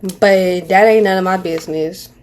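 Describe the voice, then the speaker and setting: A woman's voice: fairly low pitch, steady tone, normal speed. A woman in her twenties giving casual commentary on a reality show, candid and slangy, rambling with restarts and mocking impressions. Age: 20s.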